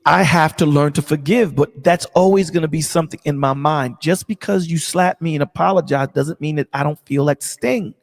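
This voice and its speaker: A man's voice: fairly high pitch, moderate pace, gravelly, hardly any pauses, long reverb tail. A man in a casual discussion, talking emphatically and repeating his points like a preacher. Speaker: stream co-host.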